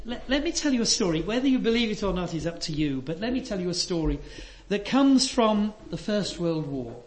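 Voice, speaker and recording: High-voiced older preacher. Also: male voice, big pitch swings, a little fast. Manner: earnest, emphatic storytelling with dropping soft asides. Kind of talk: sermon. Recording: echoey hall.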